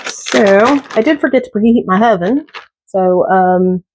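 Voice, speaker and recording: A woman's voice: medium pitch, unhurried, background noise. A middle-aged woman chatting casually and telling jokey stories while she cooks. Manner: chatty storyteller, jokey asides. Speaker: cooking vlogger. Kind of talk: casual chat while cooking.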